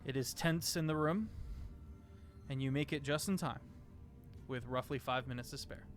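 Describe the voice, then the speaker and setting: A man's voice: mid-range voice, moderate pace, faint music behind. A man narrating as game master of a tabletop game, hesitant, with many fillers.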